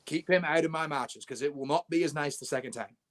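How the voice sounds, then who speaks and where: A man's voice: a little high, fast. Blunt man telling a story. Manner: animated, blunt, acts out his own quoted lines. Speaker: wrestler guest. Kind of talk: storytelling in an interview.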